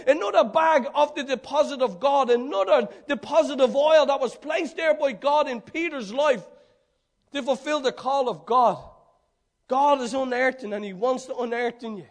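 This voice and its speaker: A man's voice: very high voice, normal speed. A man preaching a fervent sermon, building with rhetorical repetition.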